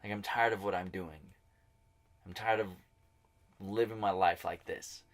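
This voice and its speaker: Young male co-host, low voice, chatty and animated, swears constantly. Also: unhurried. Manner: talkative, animated storyteller, swears a lot. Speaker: podcast co-host. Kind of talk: casual chat.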